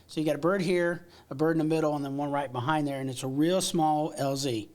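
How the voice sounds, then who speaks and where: A middle-aged American man telling stories from his past in a casual interview, animated and full of restarts and laughs. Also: a little high, a little fast. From United States. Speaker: podcast guest.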